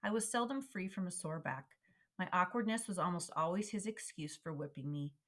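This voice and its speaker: A woman reading a historical memoir aloud in a measured, expressive way, slowing down for emphasis. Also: fairly low pitch. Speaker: reader.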